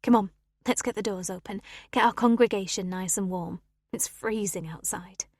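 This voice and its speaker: A soft-spoken, kindly Yorkshire vicar in an audiobook thriller, read by a woman narrator. He talks quietly and gently, in an even middle voice. The recording is dry and close. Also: mid-range voice, moderate pace, no echo, natural voice. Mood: warm.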